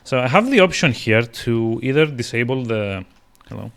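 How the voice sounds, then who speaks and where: A man's voice: medium pitch, expressive, normal speed, vocal fry, fairly bright tone, clean tone. A man streaming a video game, rambling with lots of fillers and restarts as he plays. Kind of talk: casual gameplay commentary.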